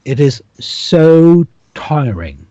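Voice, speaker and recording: A man chatting casually as a guest, halting often and repeating words as he searches for them. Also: on the high side, very animated, lo-fi sound, crowd noise. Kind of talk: casual conversation.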